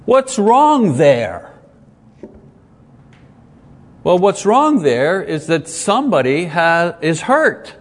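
A man's voice: sits high, very animated, extremely slow, long pauses. Man preaching in a long-echoing hall. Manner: earnest, conversational preaching with repetition. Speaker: pastor. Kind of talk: sermon.

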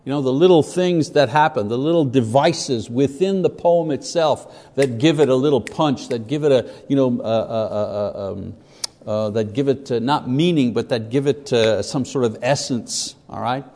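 A man teaching a class on poetry, unhurried, with many fillers and joking asides. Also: medium pitch, warm tone, in a large hall. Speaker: Bible teacher. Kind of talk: classroom lecture.

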